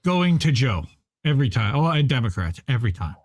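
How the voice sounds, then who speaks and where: A man's voice: medium pitch, sing-song, brisk, no room sound, studio quality. A man co-hosting a casual chat, candid and opinionated, often repeating words as he starts a thought. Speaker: co-host.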